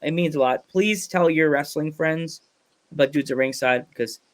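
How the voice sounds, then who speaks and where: A man's voice: fairly high pitch, moderate pace. A man hosting a podcast, chatting casually and rambling with jokes and laughter. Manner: rambling, joking, laughs often, animated voices in quotes. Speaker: podcast host. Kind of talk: casual interview chat.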